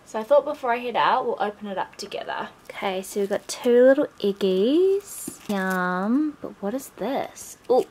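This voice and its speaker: Excitable woman vlogging with a noisy background. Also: medium pitch, moderate pace, hardly any pauses. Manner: excitable, gushing, often drops to a hushed voice. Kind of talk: casual vlog chat.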